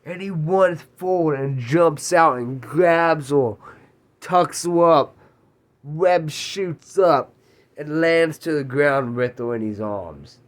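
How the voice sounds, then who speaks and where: A man talking about a movie he loves in a casual, excitable rant, swearing freely and laughing as he talks. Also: fairly high pitch, slow pace. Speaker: movie reviewer.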